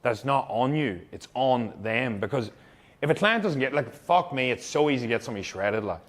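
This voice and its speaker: A man's voice: mid-range voice, animated, a little fast. A young man, a fitness coach, giving blunt, heavily profane, emphatic advice to fellow coaches.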